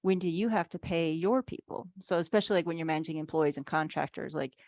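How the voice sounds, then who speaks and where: A woman with a low, gravelly voice leads a relaxed online workshop for business owners. She talks in a chatty, easygoing way, full of "like"s and little acted-out asides. Her voice sounds dry and close over a video call, with no room echo. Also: fast talker. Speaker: financial speaker. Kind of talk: casual workshop teaching.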